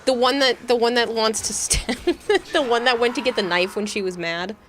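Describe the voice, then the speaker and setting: A woman streaming a game, chatting casually and telling animated stories with lots of laughter. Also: fairly high pitch, normal speed, slight background noise. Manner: giggly, animated storyteller. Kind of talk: casual chat while gaming.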